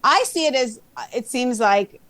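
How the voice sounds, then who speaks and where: Female co-host, opinionated casual chat, high-ish voice, dry close mic. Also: expressive, normal speed, a bit bright, no room sound. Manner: chatty, opinionated, gossipy. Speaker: podcast co-host.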